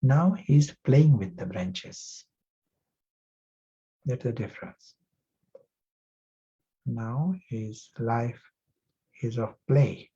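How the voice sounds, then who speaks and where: Slow, husky-voiced male spiritual teacher. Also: mid-range voice. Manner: gentle, reflective, asks the class questions. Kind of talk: spiritual class talk with a parable. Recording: muffled lo-fi recording.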